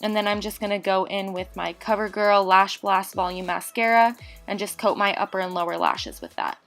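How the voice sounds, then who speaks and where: Young woman, fast chatty makeup voiceover, winded, soft music underneath. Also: mid-range voice, lively intonation. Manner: rapid, chatty, slightly tongue-tied. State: out of breath. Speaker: makeup tutorial creator. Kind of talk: casual voiceover tutorial. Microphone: home voiceover mic.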